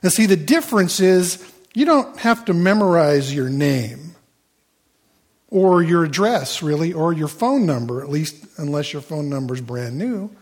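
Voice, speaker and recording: Man, middle-aged, sermon, conversational, lots of fillers and restarts, fairly high voice. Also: expressive, a little slow, darkish tone. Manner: conversational, frequent fillers and restarts, playful asides to the congregation. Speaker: pastor.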